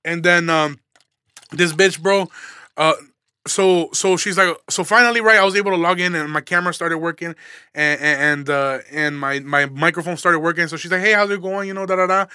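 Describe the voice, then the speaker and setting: A man's voice: fairly high pitch, moderate pace, pushed and bright, clean tone, dry recording, clean studio sound. A young man from Illinois, a stand-up comedian hosting his podcast, telling a story in a casual, profane, fired-up rant. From Aurora, Illinois, USA.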